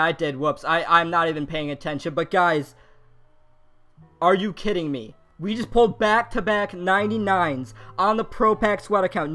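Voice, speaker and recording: A young man streaming live while opening card packs in a mobile game. He chats with viewers, reads chat aloud, and bursts into shouting and laughter at big pulls. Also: sits high. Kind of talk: live pack-opening commentary. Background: faint background music.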